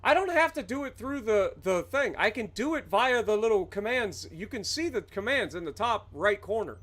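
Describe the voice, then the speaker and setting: A man's voice: high voice, animated, moderate pace, fairly bright tone. A man streaming a flight game live, ranting angrily and profanely at the game. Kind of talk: live gameplay commentary.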